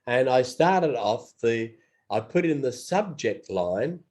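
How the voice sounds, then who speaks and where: Feeling under the weather, a man leads an informal English lesson at a slow, repetitive pace, voicing each phrase as a model. His pitch is medium, his intonation lively, and his tone a bit mellow.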